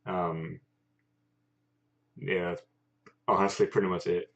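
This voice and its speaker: A man co-hosting a casual chat, speaking haltingly with many pauses. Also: low voice, level tone, vocal fry. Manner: halting, many fillers and restarts. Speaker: co-host. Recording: dull lo-fi sound.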